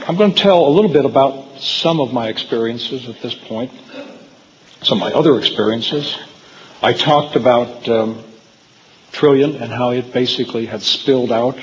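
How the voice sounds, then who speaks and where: A man's voice: mid-range voice, unhurried, big-room sound, lo-fi sound. A man giving a talk to a live audience, telling personal stories in a rambling way with frequent fillers and restarts. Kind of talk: storytelling lecture to a live audience. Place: hall with audience.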